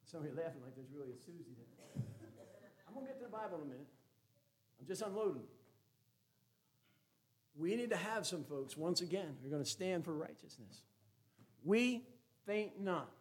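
A man's voice: a little high, expressive, normal speed, long pauses. A man preaching a sermon as a Baptist pastor, folksy and joking, then emphatic.

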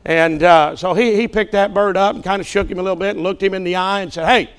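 A man's voice: sits high, fairly even intonation, fast talker, clean tone. A male preacher at a church service who tells a joke from the pulpit and calls out to the congregation in a folksy, joking way. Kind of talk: sermon with a told joke.

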